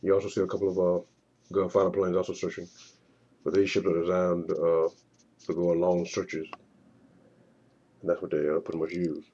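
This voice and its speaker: A man narrating a walkthrough of his own screenplay storyboard, halting and often repeating words. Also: sits low, little pitch movement, warm tone, breathy edge, dull audio. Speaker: writer pitching his screenplay.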